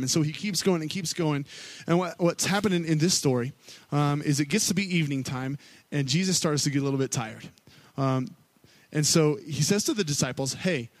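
Male worship pastor, higher register, relaxed conversational sermon delivery, dry close sound. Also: no room sound. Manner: casual and storytelling, with many fillers, acting out quotes.

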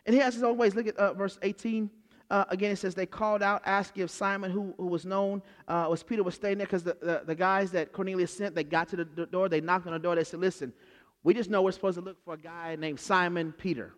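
Animated preacher man in a reverberant hall. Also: high-pitched, quick pace. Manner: animated storytelling, acts out the characters. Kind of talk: sermon.

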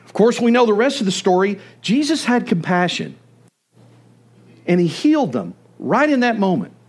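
Man, pastor, sermon, high-pitched, lively intonation. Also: normal speed. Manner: animated storytelling, acts out voices.

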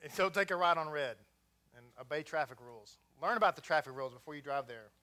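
A man's voice: fairly high pitch, lively intonation, fast talker, sharp tone. A man with a Texan accent preaching a sermon in a conversational way, with joking asides. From Texas.

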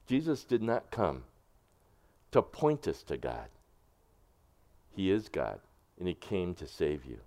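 Lively-voiced male pastor preaching. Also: deep voice, slow pace, long pauses. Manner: preaching with swings between hushed and emphatic. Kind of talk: sermon.

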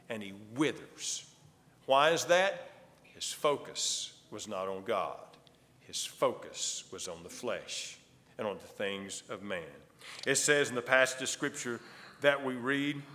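A man preaching a sermon as a pastor, emphatic and dramatic, swinging between loud declarations and hushed lines. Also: mid-range voice. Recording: long hall reverb.

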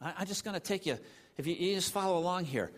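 A man preaching a sermon in an animated, conversational way, often saying "you know.". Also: sits high, fast. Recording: long hall reverb.

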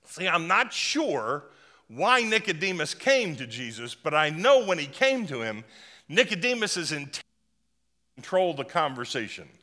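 Animated, bright-voiced male preacher. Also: on the high side, measured pace, long reverb tail. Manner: lively, humorous and emphatic preaching. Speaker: pastor. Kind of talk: sermon.

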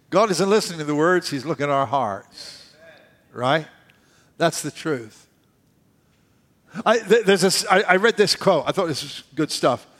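A man with a high voice preaching a sermon. He talks in a conversational way and often drops low and quiet to land a point. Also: animated, moderate pace, long pauses. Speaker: pastor.

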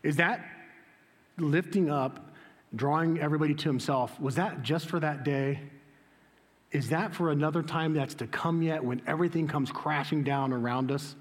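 Guy pastor preaching, kinda high voice, gets loud and animated, big echoey church hall. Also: normal speed. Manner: animated, voice jumps high when quoting Jesus. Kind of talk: sermon.

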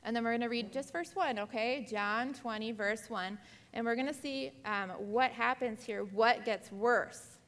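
Woman, Bible class teacher, higher voice, long reverb. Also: a little slow. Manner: asks the class many questions; animated, acts out quotes. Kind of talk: Bible lesson to girls.

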